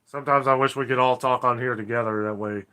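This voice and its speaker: A man's voice: mid-range voice, steady tone, fast talker, bright, forceful tone, clean tone. A man hosting a casual live stream, chatting in a rambling way and reading viewer comments aloud. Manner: rambling, chatty, apologetic, laughs often.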